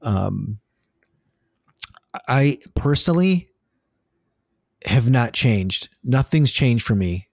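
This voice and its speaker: A man co-hosting a casual podcast, talking in a rambling, animated, profane way. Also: medium pitch, very slow, gravelly, long pauses, no room sound, clean studio sound. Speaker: podcast co-host.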